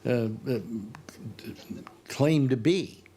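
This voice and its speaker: Older man musing haltingly. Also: medium pitch, warm tone, a little hiss or hum. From United States. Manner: halting, many filler pauses. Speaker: host. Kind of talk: casual panel chat.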